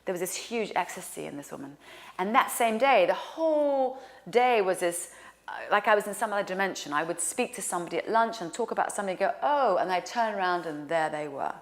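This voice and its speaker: A woman telling a personal story in an animated way, dropping to a hushed whisper for quoted lines. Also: lowish voice, a little fast. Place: lives in New York.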